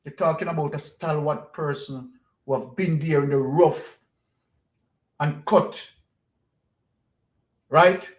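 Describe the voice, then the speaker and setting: A man's voice: a little high, slow, long pauses, echoey room. A Jamaican man giving an opinionated political monologue as a commentator, pressing his points with rhetorical questions and repetition.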